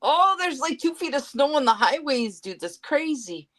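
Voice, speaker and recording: A woman's voice: high-pitched, very animated, normal speed, fairly bright tone. A woman with a Canadian accent, chatting enthusiastically on a live panel. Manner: gushing, enthusiastic, giggly. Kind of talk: casual chat on a live panel.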